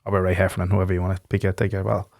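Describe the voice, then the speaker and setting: The delivery is completely flat and rapid-fire, in a low, darkish voice with vocal fry. He's a podcast host and musician, chatting casually, telling stories with acted quotes, and swearing a lot. There's no room sound, and the quality is studio-grade.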